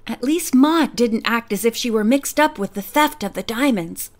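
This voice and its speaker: A woman reading the part of a sympathetic young female friend in an audiobook, confiding and gentle. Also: a little high, expressive, normal speed, lightly acted.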